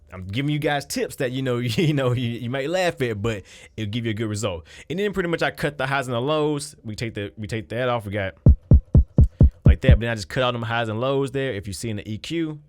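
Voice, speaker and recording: A man explains his music production steps in a loose, conversational way. His voice sits at an ordinary pitch. The recording is dry and close, with no room sound. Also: no echo. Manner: loose and conversational, with fillers and restarts. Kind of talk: casual screen-recorded beat-making tutorial.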